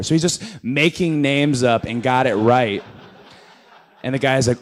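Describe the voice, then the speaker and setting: A pro wrestler in his thirties, appearing as an interview guest, tells a casual story at normal speed in a medium-pitched voice. He acts out quotes by raising his voice.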